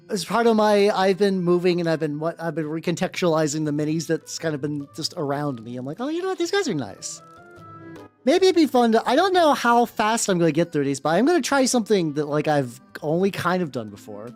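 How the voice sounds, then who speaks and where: Chatty streamer with a bouncy, expressive delivery, greeting viewers and swearing casually while painting. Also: mid-range voice. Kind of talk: casual livestream chat.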